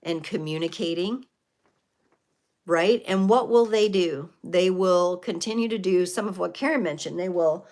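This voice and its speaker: A woman's voice: fairly low pitch, measured pace, darkish tone. A woman in her forties or fifties hosting a live tarot reading, speaking in a reflective, spiritual way with frequent fillers and restarts. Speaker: tarot reader and livestream host.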